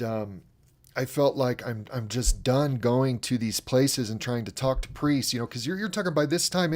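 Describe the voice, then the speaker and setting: A man hosting a livestream broadcast, telling a candid personal testimony with frequent restarts and fillers. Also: medium pitch. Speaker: broadcast host.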